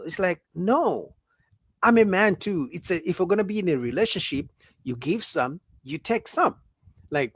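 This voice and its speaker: A man's voice: a little high, no room sound. A man hosting a casual livestream talk, arguing with rhetorical questions and reading out viewer comments. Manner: animated, argumentative, rhetorical questions; reads out viewer chat comments. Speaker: livestream host.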